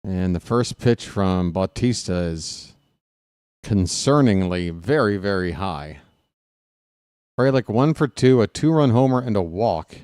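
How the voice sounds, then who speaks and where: A man's voice: deep voice, expressive, a little slow, darkish tone, clear, resonant tone, no room sound. A man doing casual, rambling play-by-play for a live stream, joking and snapping at the umpire. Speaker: fan play-by-play commentator.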